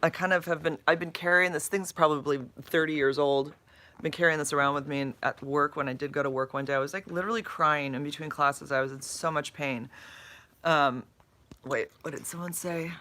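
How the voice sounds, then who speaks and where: A drowsy woman with a bright voice chats loosely on a live stream from her bed. She rambles, trips over words and greets viewers as she reads their comments. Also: sits low, fairly even intonation, fairly quick. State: drowsy and dopey from medication. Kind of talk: casual live-stream chat, reading comments. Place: in bed at home.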